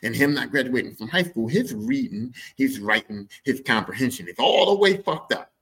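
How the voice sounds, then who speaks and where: A man hosting a podcast, telling a profane, animated story in a casual monologue and slipping into other people's voices. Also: mid-range voice, moderate pace, vocal fry, slightly rough, low-quality recording. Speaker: podcast host.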